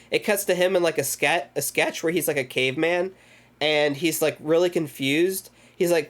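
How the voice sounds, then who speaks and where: A man's voice: fairly high pitch, a little slow. Rambling, profane man recapping a movie. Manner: rambling, profane, loose retelling with acted-out quotes. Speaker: streamer hosting a movie club. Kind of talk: casual livestream movie recap.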